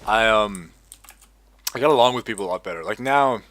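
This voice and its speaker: A young Australian gaming video host wears a headset and rambles casually while playing. His voice is on the low side, a bit bright, and fairly quick, and he swears often and leans heavily on fillers.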